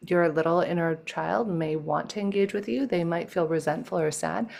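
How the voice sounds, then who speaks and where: A woman speaking as a guest over a video call, her lowish voice carrying a gravelly fry. She shifts from lively, laughing stories to hushed, slow guidance through breathing. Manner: slows into soft guided breathing instructions; animated, laughing storytelling. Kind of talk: casual interview talk. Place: home, in Toronto.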